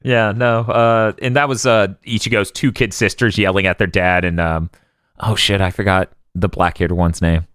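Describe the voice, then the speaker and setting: A man on a casual podcast recapping anime episodes, laughing often and acting out characters' lines in quick voices. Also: on the low side, steady tone, fairly bright tone, clean tone, dry recording, clean studio sound. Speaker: podcast co-host.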